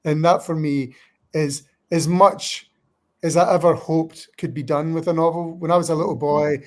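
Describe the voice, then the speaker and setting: A man with a Scottish accent, answering interview questions as a guest author in an eloquent, measured, reflective way. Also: on the high side, fairly even intonation. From Scotland.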